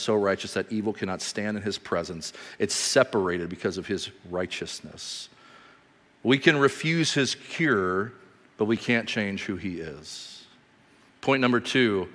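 Animated storytelling fills this sermon from a pastor in his thirties, who alternates loud bursts with slow, quiet emphasis. He has a lowish voice, and the hall he speaks in is reverberant.

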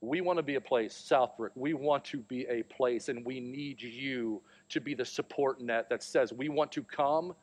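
A man in his thirties preaching a sermon, telling a family story and acting out the voices in it. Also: mid-range voice. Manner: storytelling, animated, acts out quotes. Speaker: pastor.

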